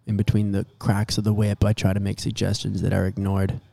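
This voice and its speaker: A touring musician chatting casually, with dry, self-deprecating humor. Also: male voice, lowish voice, monotone, brisk, gravelly, mellow, no echo. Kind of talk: casual backstage chat.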